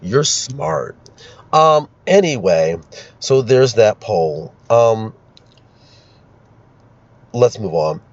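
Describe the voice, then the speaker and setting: Male political commentator, sarcastic ranter, low voice, dull lo-fi sound. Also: darkish tone. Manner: sarcastic, ranting, laughs at his own jokes. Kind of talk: opinionated solo commentary. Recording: dull lo-fi recording.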